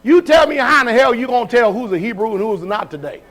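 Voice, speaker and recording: A male pastor with a notably high voice for a man, preaching live. He keeps calling people up and checking in with the crowd in a loose, conversational way. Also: animated, quick pace, a bit bright. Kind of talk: live sermon.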